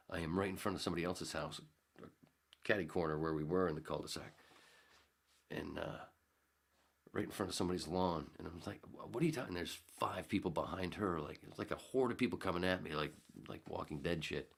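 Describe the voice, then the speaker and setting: Very deep, gravelly-voiced man telling stories. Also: a little fast. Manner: rambling, swears freely, acts out scenes in jumpy voices. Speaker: podcast host. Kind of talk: casual storytelling.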